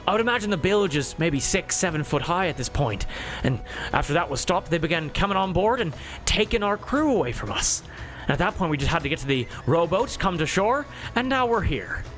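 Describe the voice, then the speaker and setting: A man's voice: high-pitched, a bit bright, pitched above the performer's own voice. Man playing a cocky towering pirate captain. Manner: swaggering, flirtatious and smug.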